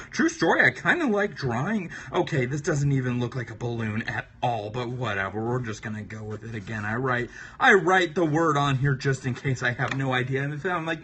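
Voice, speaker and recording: Drawing on a casual live stream, this male host giggles, plays around with viewers, and keeps repeating catchphrases. His fairly high, slightly bright voice has lively intonation and a somewhat fast pace, with a little hiss or hum in the audio.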